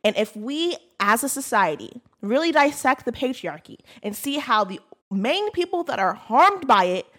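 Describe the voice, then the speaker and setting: A woman's voice: fairly high pitch, very animated, moderate pace, fairly bright tone. A woman making her case firmly as a guest in a casual podcast discussion. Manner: emphatic, argumentative.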